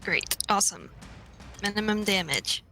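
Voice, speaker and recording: A woman's voice: mid-range voice, moderate pace, creaky, sharp tone, soft background music. A woman playing a tabletop role-playing game, thinking aloud hesitantly with many ums. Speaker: player. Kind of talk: casual tabletop play.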